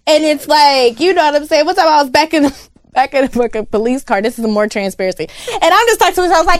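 A woman's voice: sits high, expressive, quick pace, dry recording. A young woman co-hosting a casual chat, candid and profane, who laughs often and acts out what people said. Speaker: podcast co-host.

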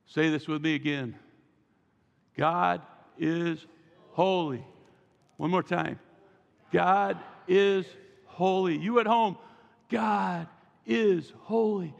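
A man's voice: high-pitched, slow, vocal fry, long pauses, highs cut off. A male pastor preaching a sermon with emphasis and calling the congregation to repeat after him. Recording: long reverb from a large hall.

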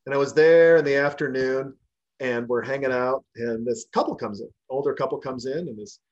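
A man's voice: medium pitch, a little fast, dull audio. A man who once tended bar, telling stories in a casual chat, swearing freely and acting out the people in them. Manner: animated, swears freely, acts out quoted people. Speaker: podcast co-host, former bartender.

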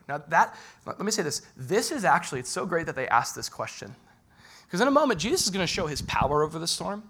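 Conversational male pastor, slightly high voice. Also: very animated, fast talker, husky. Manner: conversational, asks the audience direct questions; swings from loud emphatic bursts to quiet low lines. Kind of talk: sermon.

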